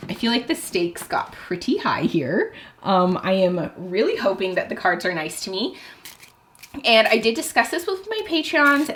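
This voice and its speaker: A young adult woman book vlogger chatting casually at home, excitable and nervous as she plays a card game. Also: mid-range voice. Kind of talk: casual vlog chat.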